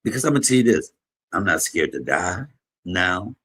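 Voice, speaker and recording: A man hosting a livestream, giving an emotional, preacher-like testimony to his viewers, shifting from low murmurs to high exclamations. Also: sing-song, normal speed, a bit bright, slightly rough. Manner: preacherly, call-and-response to viewers. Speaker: livestream host, comedian.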